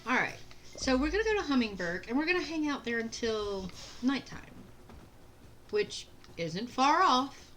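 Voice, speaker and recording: A woman's voice: high voice, big pitch swings, moderate pace, a bit bright, slight background noise. Chatty young woman streaming a game. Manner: chatty, self-deprecating, laughs often. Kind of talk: casual let's-play chat.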